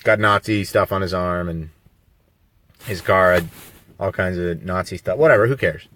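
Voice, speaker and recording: A man's voice: sits low, moderate pace, a bit bright, slight background noise. A man talking on a live video stream, rambling and emphatic, full of rhetorical questions. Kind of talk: casual live-stream monologue. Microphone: phone on a mobile signal.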